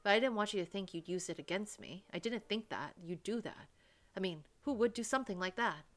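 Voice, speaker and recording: A woman's voice: mid-range voice, fairly quick, natural voice. Woman playing a French young man, exasperated, scolds under his breath; French accent; game read-through.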